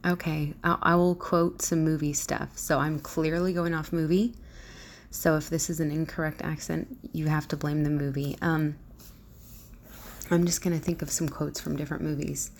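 Low, gravelly-voiced chatty woman. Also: flat delivery, moderate pace, a little hiss or hum. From Southern US. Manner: chatty, hesitant, self-deprecating, clear careful diction. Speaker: audio creator. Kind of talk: casual chat to listeners.

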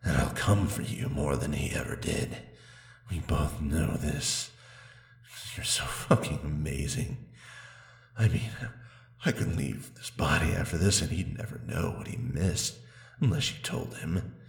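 A man voicing a seductive male demon spirit who has taken over a man's body, speaking in a slow, low, intimate murmur for an adult audio role-play. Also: creaky, roomy sound, heavily acted.

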